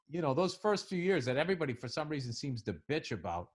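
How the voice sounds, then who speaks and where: A man's voice: on the high side, animated, moderate pace. A middle-aged man co-hosting a podcast, talking in a reflective, hesitant way with the odd swear. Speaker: podcast co-host. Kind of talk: casual chat.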